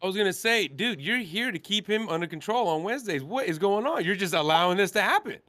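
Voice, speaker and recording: A man in a livestream group chat who teases and scolds his friends. His voice sits fairly high, and he talks fast. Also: animated, bright, forceful tone.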